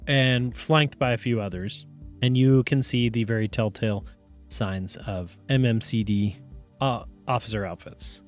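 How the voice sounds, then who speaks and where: A man narrating as game master of a tabletop game in a relaxed, chatty way with fillers. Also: mid-range voice, a little slow, faint music behind.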